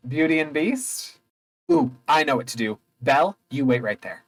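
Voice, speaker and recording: A man's voice: mid-range voice, expressive, moderate pace, rough recording. A man chatting playfully through casual gameplay commentary. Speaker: gamer.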